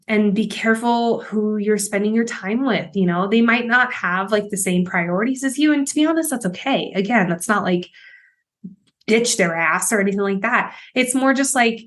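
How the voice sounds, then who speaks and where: A young adult woman hosting a podcast as a life coach, talking in a casual, candid monologue with frequent laughs and swearing. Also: medium pitch.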